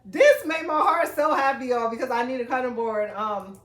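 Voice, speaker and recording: A woman vlogging from home as she unboxes gifts, chatty and excitable, calling her viewers y'all. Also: fairly high pitch, brisk, roomy sound. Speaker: family vlogger. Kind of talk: casual unboxing vlog. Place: home, indoors.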